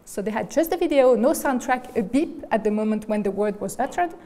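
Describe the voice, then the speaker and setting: A woman gives a lecture in a large hall, and long reverb trails behind each phrase. Her voice sits a little high. She builds the argument step by step and keeps checking with the room. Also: animated, brisk, warm tone. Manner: explains step by step, often checks in with "okay?" and "right?". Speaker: guest lecturer. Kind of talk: academic lecture.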